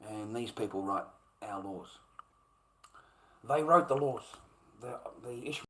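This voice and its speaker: A man's voice: medium pitch, measured pace, a bit bright, a little hiss or hum. A man delivering a heated, profane, repetitive rant in a monologue. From Australia. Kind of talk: ranting monologue.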